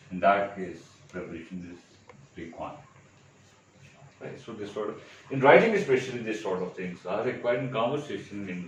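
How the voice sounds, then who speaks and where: A man teaching a grammar lesson for exam prep. He explains step by step and keeps checking in with quick rhetorical questions. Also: on the low side, far from the mic, muffled recording, a little hiss or hum. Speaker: English teacher. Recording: very echoey room, voice from afar.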